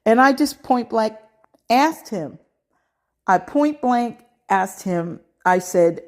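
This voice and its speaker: A woman's voice: on the high side, expressive, takes it slowly. A middle-aged American woman hosting a podcast, giving advice in a casual monologue, emphatic and punctuated with frequent "okay" asides. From United States. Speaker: podcast host.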